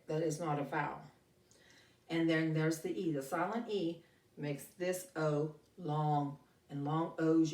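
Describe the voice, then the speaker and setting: A woman teacher reading a picture book aloud to a class and explaining vowel sounds, with animated, expressive delivery. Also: deep voice. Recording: roomy sound from a distant mic.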